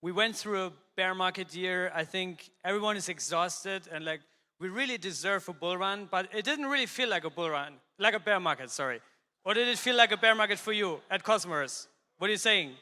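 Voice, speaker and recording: A man's voice: high-pitched, sharp tone. A man giving casual closing thanks to a conference crowd and hyping them up. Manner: casual, hype-building with the crowd. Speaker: conference organizer on stage. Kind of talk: closing remarks to an audience. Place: large conference hall. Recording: hall reverb over a stage PA.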